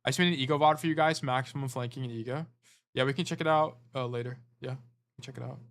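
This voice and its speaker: A man's voice: mid-range voice, fairly even intonation, fast talker, fairly bright tone. A man coaching a player through gameplay footage in a casual, blunt way, often repeating short commands. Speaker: game coach.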